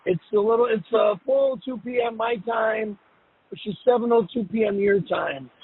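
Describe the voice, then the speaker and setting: A man with a high, husky voice, a show host, leaves an angry voicemail at normal speed while driving his car, cursing and repeating himself. It's recorded on a phone and sounds tinny.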